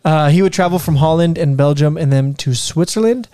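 A man co-hosting a casual history podcast, talking through his notes in a relaxed, loose way. His voice sits a bit high but mellow and dark, in a dry, close recording. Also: brisk, smooth, no room sound. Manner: relaxed, retells history from notes with fillers and laughs. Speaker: podcast co-host.

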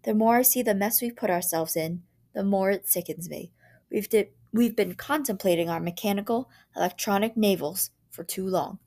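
A woman's voice: mid-range voice, normal speed, mellow, natural voice. Stern exasperated dad, firm clipped delivery, storybook reading, a woman voicing him. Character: stern fed-up father, middle-aged man.

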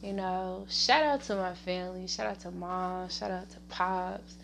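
A Southern woman chats on her own podcast at an unhurried pace. She rambles from thought to thought, laughs easily and sends shout-outs to family. Her voice has a gravelly fry over a faint background hiss. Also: lowish voice, steady tone. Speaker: podcast host. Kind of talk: casual solo podcast chat.

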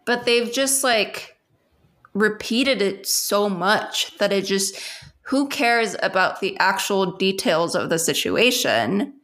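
A woman's voice: mid-range voice, expressive, takes it slowly, fairly bright tone. A young woman in casual podcast chat, her mid-range voice wandering through run-on thoughts. She leans on fillers, swears freely and laughs often as she talks. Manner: rambling, heavy filler "like", frequent swearing and laughs. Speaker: podcast co-host.

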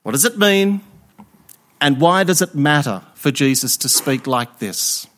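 A man's voice: on the high side, animated, unhurried, fairly bright tone. A man preaching an Easter Sunday sermon, emphatic and fond of rhetorical questions.

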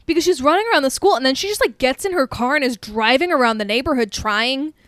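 A woman's voice: sits high, quick pace, a bit bright, dry recording, clean studio sound. A young woman co-hosting a podcast, chatting casually about a movie, swearing freely and acting out quotes. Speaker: podcast co-host.

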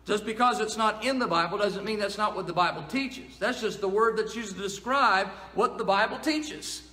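A man's voice: sits high, normal speed, sharp tone, roomy sound, big-room sound. A male pastor preaching a sermon in a plain-spoken, folksy storytelling manner.

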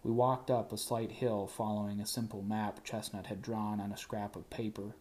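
A man narrating an audiobook in first person, wry and even. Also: lowish voice, normal speed.

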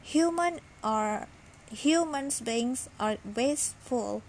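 A woman's voice: fairly high pitch, animated, slow, darkish tone, slight background noise. A woman doing a cheeky hungry puppy. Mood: grumbling.

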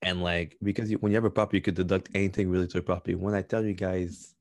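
A man's voice: low voice, little pitch movement, racing, no room sound. A young man co-hosting a podcast in casual chat, telling rambling jokes. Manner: joking, rambling storyteller. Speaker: podcast co-host.

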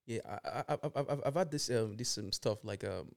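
A man with a smooth, resonant, lowish voice chats on a podcast. He talks quickly, stumbling over restarts and filler words as he asks questions. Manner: quick, halting, many restarts. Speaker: podcast co-host. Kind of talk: casual chat.

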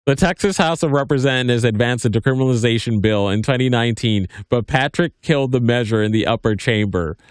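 A man's voice: mid-range voice, fast talker, few pauses, no echo, clean studio sound. A man in his thirties hosting a podcast, reading news aloud and breaking off into casual commentary full of restarts and "like". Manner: rambling, stammering restarts, heavy use of "like". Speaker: podcast host.

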